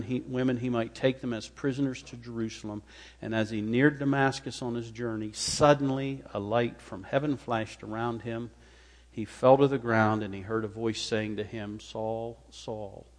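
A man preaching a sermon, mid-pitched, in a space with long reverb. He reads scripture and explains it. His voice climbs into forceful, emphatic stretches, then sinks to a quiet, low murmur. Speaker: pastor. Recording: hall reverb.

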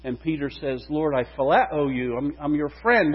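A man preaches in an animated way, his slightly high, husky voice swinging up and down for emphasis. The recording is dull and lo-fi, with a long reverb that carries through the church hall. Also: normal speed, hardly any pauses. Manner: animated, voice rising and falling with emphasis. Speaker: pastor. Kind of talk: sermon.

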